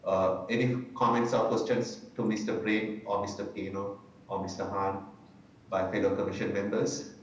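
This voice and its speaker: A man with a fairly low voice chairs a public hearing, putting his questions slowly and deliberately. He sits well back from the mic in a very echoey room, and the sound is dull and muffled. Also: flat delivery, far from the mic, a little hiss or hum. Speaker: commission chair.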